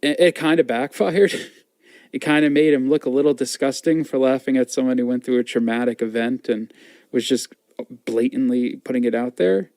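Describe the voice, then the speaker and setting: A man who is a guest on a stream, telling his side in a calm, matter-of-fact way. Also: mid-range voice, moderate pace, no echo. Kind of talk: casual storytelling.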